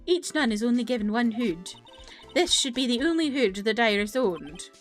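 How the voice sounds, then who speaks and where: A woman's voice: fairly high pitch, lively intonation, moderate pace, soft background music, natural voice. A woman voicing a fussy elderly nun witness in a game, with a put-on Canadian-style accent. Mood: folksy.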